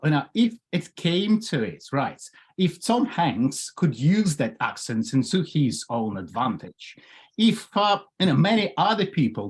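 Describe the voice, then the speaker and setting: A man's voice: on the high side, husky. A man from Ukraine with a Ukrainian accent, giving a chatty, humorous prepared speech over a video call. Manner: chatty, with many fillers. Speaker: club speaker.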